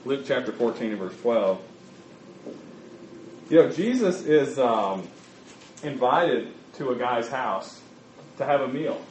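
A man preaching a sermon, talking in a conversational, halting way with many fillers and restarts. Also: medium pitch, animated, a little mellow, recorded from a distance, slight background noise. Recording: echoey, dull room recording.

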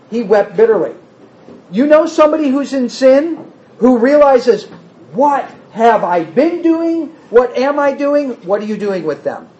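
A man's voice: high-pitched, highs cut off. A man giving a conversational sermon, reading scripture aloud and talking directly with his congregation. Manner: animated, talks with the congregation, reads scripture aloud. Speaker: pastor or Bible teacher.

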